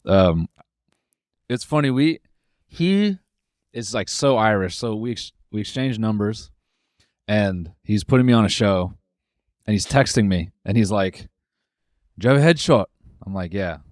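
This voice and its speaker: A man's voice: fairly low pitch, expressive, a little slow, pauses often, darkish tone, no echo, studio quality. A man co-hosting a comedy podcast, joking crudely and laughing often in casual chat. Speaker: podcast co-host.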